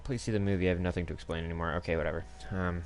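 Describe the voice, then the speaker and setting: A man's voice: low-pitched, fairly even intonation, racing. A man streaming a game live, giving casual commentary in a crude, profane, rambling way with lots of fillers. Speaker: gaming streamer.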